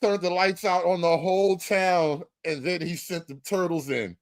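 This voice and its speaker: A man hosting comedic political commentary, slangy and animated. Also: sits high, normal speed, no echo. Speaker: host.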